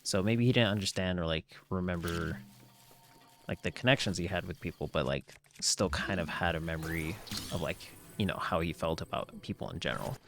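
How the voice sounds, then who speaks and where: A man's voice: low-pitched, fairly quick, a bit bright, slight background noise. A man chatting on a live gameplay stream, rambling with lots of filler words and frequent laughs. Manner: laughs often.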